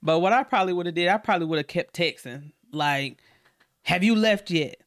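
A woman's voice: on the low side, animated, moderate pace, dry recording, clean studio sound. A woman co-hosting a reaction video, chatting casually and agreeably.

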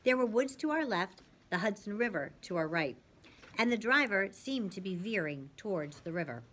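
A woman reads a novel aloud in a bright, clear voice of middle pitch. Her narration is lively and dramatic, dropping now and then to a soft hush for tense moments. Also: moderate pace. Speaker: reader.

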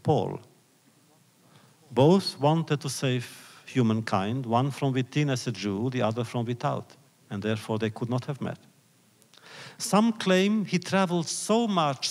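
Man lecturing slowly in a reverberant hall. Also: mid-range voice. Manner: slow, deliberate, reflective storytelling. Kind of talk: public lecture retelling rabbinic stories.

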